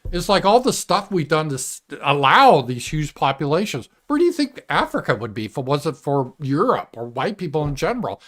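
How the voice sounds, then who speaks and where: A man hosting a live political commentary show, talking casually and animatedly, swearing and mimicking voices in a shrill tone. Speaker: show host.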